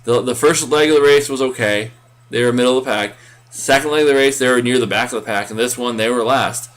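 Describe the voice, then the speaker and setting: A man's voice: mid-range voice, fast talker, fairly bright tone. A man co-hosting a casual recap podcast, rambling with many fillers and restarts. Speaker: podcast co-host.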